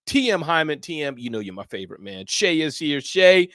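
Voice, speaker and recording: Energetic fast-talking male show host. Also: on the high side, dry recording, clean studio sound. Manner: energetic, shout-outs to listeners, playful. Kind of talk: live-stream talk show hosting.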